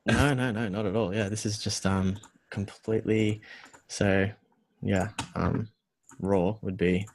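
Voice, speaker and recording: A man's voice: lowish voice, steady tone, a little slow, slight background noise. A man with an Australian accent, a music producer walking through his session in a casual, self-deprecating way with many fillers. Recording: music playing behind the voice.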